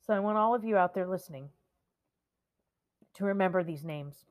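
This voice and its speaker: A woman in her fifties hosting her own podcast, speaking emotionally and deliberately as she reads out names and talks to her listeners. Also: lowish voice. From United States. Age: 50s. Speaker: podcast host. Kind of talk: solo podcast monologue.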